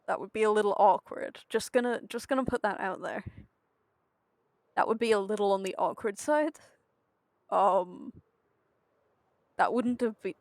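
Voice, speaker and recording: A woman's voice: mid-range voice, creaky, no echo. A young woman streaming a building game, thinking aloud in a hesitant way and chatting to her viewers. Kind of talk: casual commentary while playing a building game.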